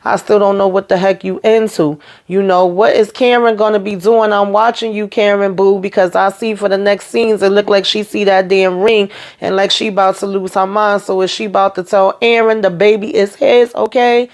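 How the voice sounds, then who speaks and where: A woman's voice: mid-range voice, fairly even intonation, normal speed, darkish tone. A woman hosting a casual TV episode recap, retelling scenes through quoted dialogue with slangy asides. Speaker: TV show recap host.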